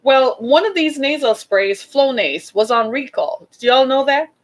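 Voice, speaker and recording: A woman's voice: high voice, expressive, a little slow, poor audio. A woman giving an impassioned talk to an audience, urgent and exhorting, repeating her points for emphasis. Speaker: speaker addressing an audience.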